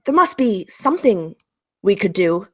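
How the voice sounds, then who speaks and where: A woman's voice: mid-range voice, big pitch swings, measured pace, a bit bright. A woman voicing a hopeful, earnest adventurer who pleads for mercy. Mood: pleading.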